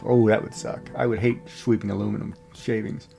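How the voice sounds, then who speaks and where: A man's voice: medium pitch, brisk, gravelly, warm tone, faint music behind. A man hosting a livestream, chatting casually and jokingly with viewers. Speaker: livestream host.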